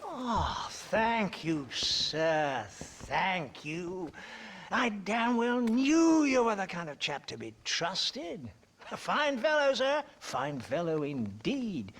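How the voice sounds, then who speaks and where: A man's voice: high-pitched, very animated, takes it slowly, fairly bright tone, slight background noise, full character voice. An actor playing a pompous, jovial, crooked opium trader in a video game, blustering and chuckling as he talks. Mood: fawning.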